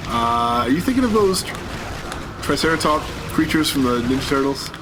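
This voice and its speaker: A man's voice: medium pitch, big pitch swings, normal speed, over music. A man casually commenting on a video game, joking and rambling as he goes. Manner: joking, rambling, self-deprecating. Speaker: let's play commentator.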